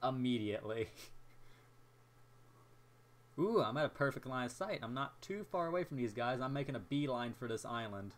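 Young male gameplay commentator, mid-range voice; excitable, self-mocking running chatter. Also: mid-range voice, moderate pace, long pauses. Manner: excitable, jokey, talks to himself while playing.

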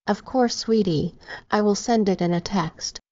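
A woman's voice: medium pitch, a little slow, mellow, no room sound, natural voice. A woman voicing an affectionate middle-aged mother in an audiobook. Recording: slightly dull, dry recording.

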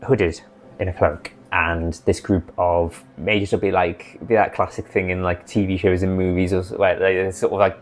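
A man recapping his tabletop campaign as dungeon master, in a chatty, animated way. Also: low-pitched, moderate pace.

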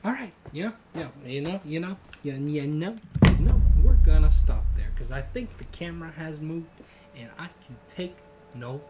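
A man's voice: fairly high pitch, animated, moderate pace, dull audio, heavy background noise. A young man playing a horror game and rambling sarcastically to viewers, with lots of fillers and swearing, recorded at home. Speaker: gaming YouTuber. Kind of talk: horror game let's play commentary. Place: room in a shared home.

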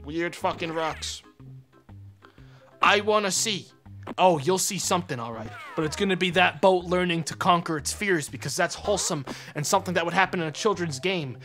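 A man's voice: sits high, moderate pace, pushed and bright. A young man streaming a kids' game, sarcastic and profane, mocking the characters. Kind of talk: casual let's-play commentary. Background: game music.

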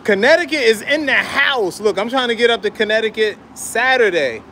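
An upbeat man with a fairly high voice talks to his viewers as he walks a city street. He keeps a loose, chatty flow, recorded on a handheld camera mic, with a faint hum of traffic behind him. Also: animated, a little fast, bright, forceful tone. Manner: upbeat, addresses viewers as y'all. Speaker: vlogger. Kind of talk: casual walk-and-talk vlog. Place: city street, then inside a restaurant.

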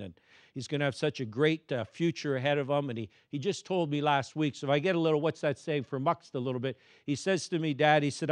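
A middle-aged man speaks with a somewhat higher pitch than most men, delivering an energetic, joking keynote presentation. He keeps prompting the audience to reply. His voice is recorded close and dry, with little room sound. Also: dry recording. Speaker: motivational speaker.

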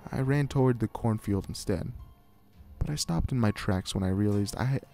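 A man giving a scripted horror story narration in a measured, hushed way. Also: on the low side.

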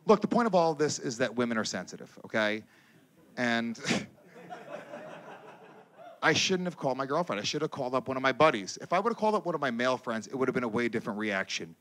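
A male stand-up comedian working a live set. His delivery is crude and animated, and his pitch swings widely as he jumps into shouted impressions. It is a mid-pitched voice with a loose, storytelling rhythm. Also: fast. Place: comedy stage before a live audience.

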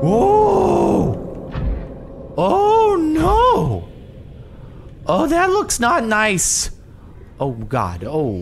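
A man reacting to gameplay with drawn-out gasps and exclamations. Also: extremely high pitch, wildly swooping pitch, music in the background. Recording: noisy background.

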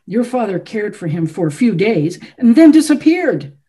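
A woman voicing an ailing, intense male composer who speaks slowly, with weight on his words. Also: mid-range voice, very animated, mellow, pitched above the performer's own voice, close to an everyday voice. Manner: slow, weighted speech.

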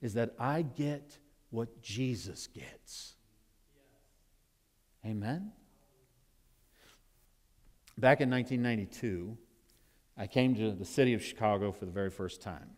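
A man from Nevada preaching a sermon as pastor, animated in his storytelling, swinging between loud exclaims and hushed asides before a congregation. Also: mid-range voice, a little slow, pauses often. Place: church sanctuary with congregation. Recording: long hall reverb in a church.

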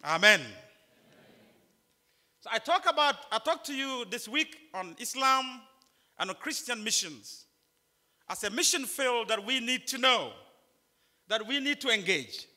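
A man's voice: high-pitched, bright, forceful tone. A man from northern Ghana with a Ghanaian accent, speaking emphatically at a chapel conference, repeating key points and joking with the students. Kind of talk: preaching lecture to students. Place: large chapel. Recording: long chapel reverb.

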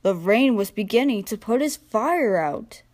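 A young woman narrating a children's train storybook in a gentle, expressive read-aloud manner. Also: on the high side, unhurried. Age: young adult. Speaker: storybook reader.

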